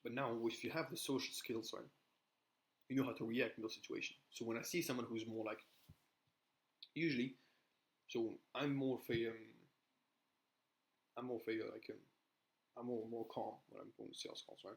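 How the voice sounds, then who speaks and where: A young man gives casual sales coaching straight to camera. His pitch sits mid-range and barely rises or falls. He rambles loosely, checking in with "right?" and often starting his sentences over. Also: steady tone, normal speed, pauses often, low-quality recording. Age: young adult. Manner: rambling, with frequent "right?" tags and restarts. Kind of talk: casual talking-head advice.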